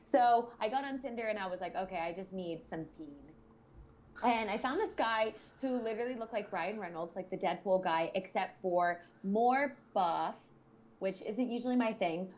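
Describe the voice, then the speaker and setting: A young adult woman co-hosting a podcast, telling a story in a casual, animated, profane way and acting out what people said. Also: medium pitch, normal speed, slight background noise. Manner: animated, profane, acts out quoted voices. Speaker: podcast co-host.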